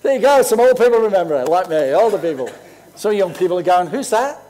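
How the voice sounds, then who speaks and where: Older pastor in his sixties, high-pitched, chatty storytelling sermon. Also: expressive, fast talker, dark tone. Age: 60s. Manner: conversational, storytelling preacher. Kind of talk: sermon with personal stories.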